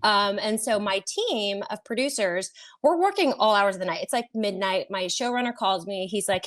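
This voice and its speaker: A woman's voice: mid-range voice, lively intonation, moderate pace, a bit bright. Lady producer telling a wild story on a podcast, swears a lot, acts out her own freak-out. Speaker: reality TV producer. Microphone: podcast studio mic.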